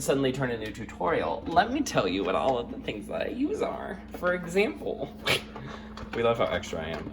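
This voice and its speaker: Young man, casual kitchen vlog, bubbly and self-deprecating, very animated pitch, faint hiss behind. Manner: bubbly, self-mocking, laughs often. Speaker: vlogger. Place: home kitchen.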